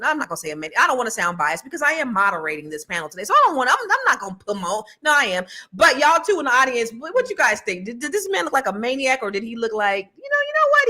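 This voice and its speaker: A woman's voice: high-pitched, sharp tone. A woman moderating a panel discussion, chatty and colloquial, with frequent restarts.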